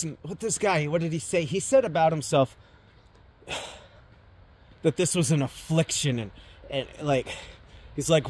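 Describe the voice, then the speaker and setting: A man's voice: fairly high pitch, animated, moderate pace, a little hiss or hum. A man giving a personal monologue, talking bluntly and swearing often, with sudden emphatic swells.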